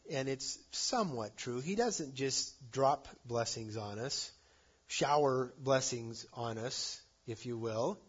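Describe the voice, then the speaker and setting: A man preaching a sermon, earnest, rising to loud emphasis and dropping to soft endings. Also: mid-range voice, slightly rough, dull audio. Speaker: pastor.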